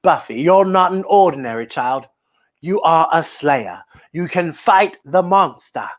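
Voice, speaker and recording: A woman voicing a calm male school librarian in a storybook read-aloud, speaking softly and reassuringly. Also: low-pitched, a little slow.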